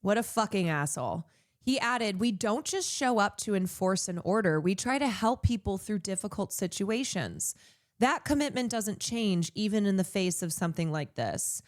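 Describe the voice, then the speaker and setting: A woman's voice: mid-range voice, lively intonation, moderate pace. A woman streamer reading a news story aloud and breaking in with heated, profane asides. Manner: profane, indignant. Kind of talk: casual news commentary.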